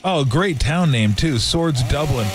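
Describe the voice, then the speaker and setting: A man's voice: a little high, lively intonation, noisy background. A man hosting a sports radio show, chatting casually and laughing often. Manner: laughs often, drawn-out asides.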